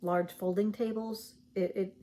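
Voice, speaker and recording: A Southern-accented woman from Virginia speaks a little slowly in a mellow, mid-range voice with fairly even intonation, over slight background noise. In her cross-stitch vlog she chats casually about stitching goodies she shows, rambling with fillers and self-corrections.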